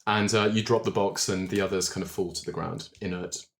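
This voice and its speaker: A man narrating a tabletop game as game master, measured and full of ums. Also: deep voice, fairly even intonation, vocal fry, a bit bright.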